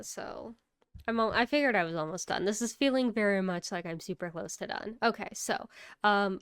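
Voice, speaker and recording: Woman streamer, sleepy and talkative, smooth voice, dry close sound. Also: lowish voice, dry recording. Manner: chatty, yawning, laughs often, greets chat by name. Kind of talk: casual live-stream chat while gaming.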